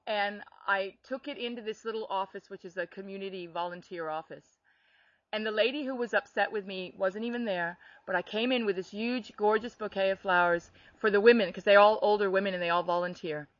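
A woman telling a personal faith story in animated, conversational storytelling, laughing now and then. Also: mid-range voice, fairly quick, dry recording, lo-fi sound. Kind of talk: faith testimony chat.

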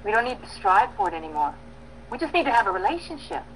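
A woman preaching a sermon, emphatic, with bursts of loud stress and soft pauses, acting out prayers and dialogue. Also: medium pitch, big pitch swings, slight background noise, poor audio. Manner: acts out prayers and quoted dialogue.

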